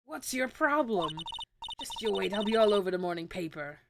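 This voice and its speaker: Woman doing a loud pushy southern gal. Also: mid-range voice, expressive, moderate pace, vocal fry, noisy background. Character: brash nosy woman photographer with a southern drawl. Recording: game music playing behind.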